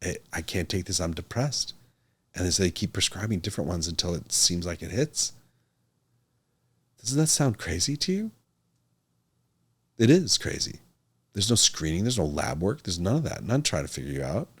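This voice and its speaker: A man's voice: sits low, sing-song, moderate pace, long pauses, fairly bright tone, breathy edge. A middle-aged man, a physician hosting his own podcast and speaking to a camera in an earnest, emphatic way that repeats his key points. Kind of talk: casual talk to camera.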